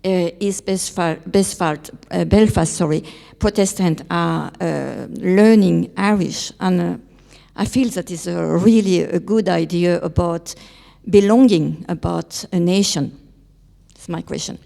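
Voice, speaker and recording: Woman, careful and halting, gravelly low voice. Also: dark tone. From Brittany, France. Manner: careful, halting, searching for words. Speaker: audience member. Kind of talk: public question. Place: large lecture hall. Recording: long reverb of a lecture hall.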